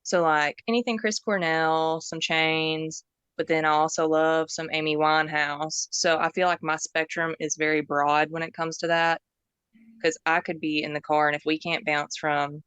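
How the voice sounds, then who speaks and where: A woman's voice: sits low, level tone, normal speed, fairly bright tone, clear, resonant tone, no echo. A woman, a band member chatting in a bubbly way as a podcast guest. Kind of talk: casual podcast interview.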